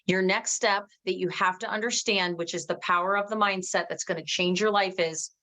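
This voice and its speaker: A woman giving an emphatic motivational training talk to her team, talking quickly and restarting often. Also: lowish voice. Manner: energetic, emphatic, reads out viewers' comments.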